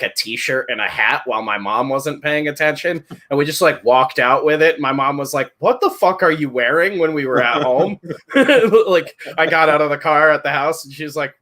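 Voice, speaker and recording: A man in his thirties co-hosts a podcast in casual chat, laughing as he tells rambling, profane stories. His voice is medium-pitched, brisk and a bit bright.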